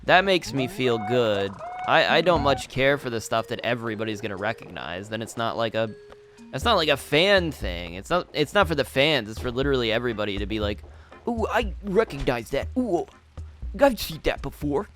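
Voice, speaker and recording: A young man chats loosely while he plays a game, with his voice at an ordinary middle pitch. He rambles and restarts his sentences, often breaking into laughter. Faint game music plays behind him. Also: animated, a little fast, a bit bright. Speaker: gaming channel host. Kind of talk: casual commentary over gameplay.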